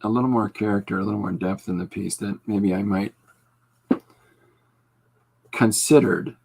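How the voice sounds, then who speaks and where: Man, podcast host, gravelly, husky, casual rambling chat, dry humor. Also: fairly low pitch, steady tone, moderate pace, darkish tone. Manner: rambling, dry self-deprecating humor, many fillers. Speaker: podcast host and comic artist.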